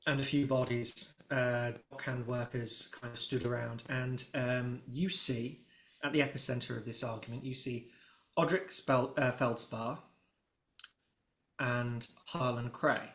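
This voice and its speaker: A man's voice: medium pitch, fairly even intonation, measured pace, a bit bright. Rambling man narrating a tabletop game. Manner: rambling, many fillers and restarts. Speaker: game master. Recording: roomy echo.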